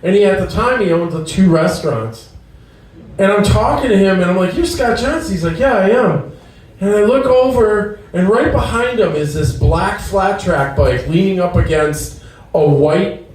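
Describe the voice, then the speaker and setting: A man's voice: sits high, normal speed, darkish tone. A man from Milwaukee telling a story live on stage, acting out the dialogue and laughing at his own punchlines. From Milwaukee, Wisconsin. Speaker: storyteller and emcee. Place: live event venue. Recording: echoey hall, voice far from mic.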